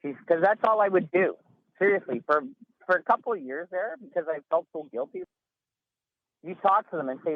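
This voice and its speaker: A man's voice: high voice, lively intonation, a little fast, no room sound. A man on a phone call, talking in an emphatic, rambling, exasperated way as an interview guest. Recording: tinny phone line.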